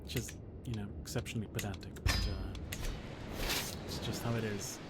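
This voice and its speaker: A man's voice: lowish voice, level tone, normal speed, heavy background noise. A man in his thirties from Portugal, a native Portuguese speaker with a British-sounding English accent, chatting articulately with viewers while playing a strategy game. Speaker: historian streaming a strategy game. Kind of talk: casual livestream chat and game commentary.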